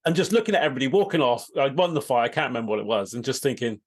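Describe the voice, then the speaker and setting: A man hosting an interview, swapping lively anecdotes with his guest and laughing often. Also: medium pitch, rapid-fire. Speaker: interviewer, host. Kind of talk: casual conversational storytelling.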